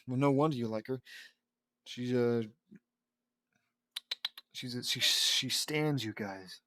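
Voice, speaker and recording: A man's voice: mid-range voice, takes it slowly, pauses often, sharp tone, dry recording. Man ranting over his own fan fiction reading. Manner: breaks off to rant and laugh at the story, stumbling restarts.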